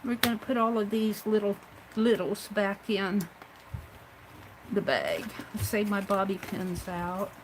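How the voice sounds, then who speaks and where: A woman's voice: medium pitch, animated, slow pace, background noise. A woman hosting a casual craft livestream, chatting to herself and viewers as she tidies her supplies at home. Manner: chatty, talks herself through tidying up.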